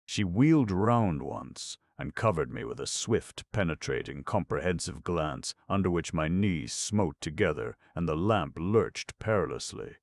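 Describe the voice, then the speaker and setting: Very deep, gravelly male audiobook narrator. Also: expressive, a little slow, few pauses, no echo, clean studio sound.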